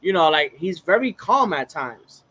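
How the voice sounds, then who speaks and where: A man in casual chat who talks haltingly and swears heavily. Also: fairly high pitch, big pitch swings, bright, forceful tone, no echo, muffled recording.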